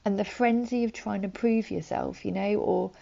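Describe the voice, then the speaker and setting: A woman giving a short devotional talk in a gentle, conversational way, sometimes dropping to a soft whisper. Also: mid-range voice, fairly even intonation, normal speed, creaky. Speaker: preacher. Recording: dull lo-fi audio.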